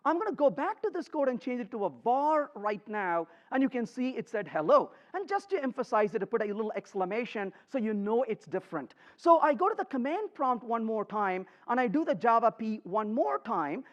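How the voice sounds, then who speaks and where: A man presents a live coding talk to a conference crowd, his pitch rising and falling in animated swings. He is emphatic and quips with the audience. The recording sounds slightly dull and muffled. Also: moderate pace, few pauses. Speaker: conference speaker.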